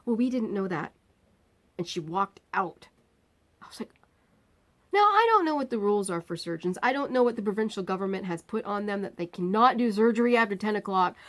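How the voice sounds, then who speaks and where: A woman tells her own story to the camera in a casual vlog. She talks in a medium voice and acts out what everyone said. Her voice climbs sharply and gets loud when she quotes her own anger. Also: mid-range voice. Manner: animated retelling, acting out quoted lines. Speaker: vlogger.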